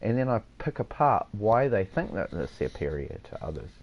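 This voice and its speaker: A man's voice: lowish voice, sing-song, normal speed, highs cut off. A man with a New Zealand accent chatting casually over game voice chat, handing out easygoing advice and calling people mate. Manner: laid-back, advice-giving, says "mate" a lot. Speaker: gamer chatting with other players.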